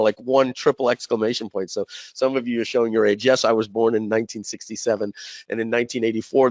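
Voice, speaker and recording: Animated middle-aged man telling a story. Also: mid-range voice, dry recording, highs cut off. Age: 50s. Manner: animated, acts out quoted voices, many fillers and restarts. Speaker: webinar host. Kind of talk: storytelling to a live chat audience.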